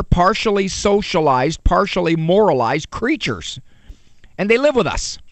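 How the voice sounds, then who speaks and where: A man giving a humorous parenting talk, animated, with joking asides and rhetorical questions. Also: sits high, no echo. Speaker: parenting speaker.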